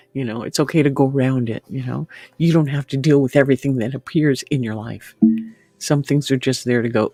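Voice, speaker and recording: A woman's voice: extremely low pitch, warm tone, no echo. A woman livestream host chatting casually with her viewers and reading their comments, laughing often and sometimes dropping to a whisper. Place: room at home with window open.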